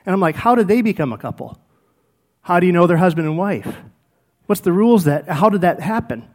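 High-voiced pastor guy telling stories in a sermon, acts out what people said. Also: a little fast. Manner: animated storytelling, acts out quoted speech.

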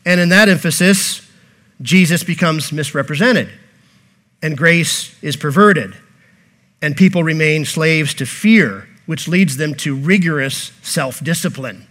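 A man's voice: on the high side, a little slow, fairly bright tone. A pastor preaching a sermon, earnest and repeating key phrases, posing rhetorical questions to his congregation.

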